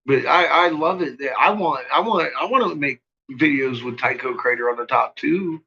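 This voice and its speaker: A man's voice: on the high side, normal speed, creaky, bright, forceful tone, highs cut off. A man hosting a casual livestream chat, rambling, swearing freely and laughing often. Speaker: channel host.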